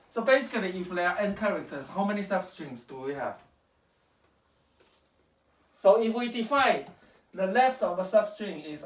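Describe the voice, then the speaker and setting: A woman leads a casual coding lesson for a child, asking patient questions and checking in often that she is understood. Her voice sits a little low for a woman. She is heard from some distance across an echoey room. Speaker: parent teaching programming. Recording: echoey room, far from the mic.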